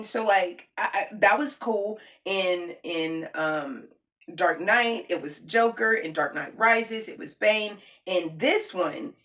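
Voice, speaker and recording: A woman's voice: medium pitch, a bit bright. An adult woman giving a casual, emphatic review to camera, slangy and talking directly to her viewers, repeating points for effect. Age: adult with a child. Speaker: video creator reviewing a film.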